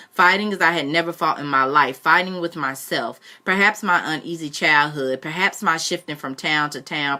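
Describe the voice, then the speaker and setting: A woman's voice: low voice, pushed and bright. A woman reading a book aloud and chatting reflectively about it between passages. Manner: chatty and reflective, uses fillers. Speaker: reader. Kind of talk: reading aloud with personal commentary.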